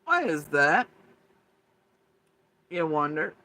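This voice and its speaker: A man hosting a livestream, ranting casually and swearing, swinging between loud outbursts and low muttering. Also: big pitch swings, measured pace. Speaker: livestream host.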